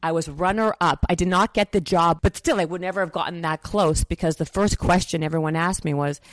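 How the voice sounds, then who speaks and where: Lively Canadian woman telling a story. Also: fairly low pitch, fairly quick, no room sound. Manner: animated, acts out quotes, many fillers. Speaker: guest. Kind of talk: storytelling in casual interview.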